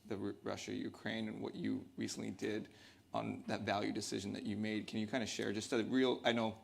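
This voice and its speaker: A man's voice: on the low side, level tone, a little fast, gravelly, a little hiss or hum. A man moderating a panel, chatty and loose in his questions. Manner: chatty, loose, full of fillers and restarts. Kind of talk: panel discussion.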